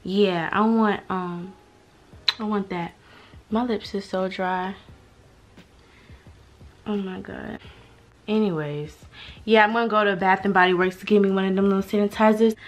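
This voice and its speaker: A woman's voice: medium pitch, fairly even intonation, measured pace, long pauses. A young woman, vlogging casually and chatting straight to her viewers in a bubbly, slangy way, recorded on a handheld phone. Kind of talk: casual vlog chat to camera.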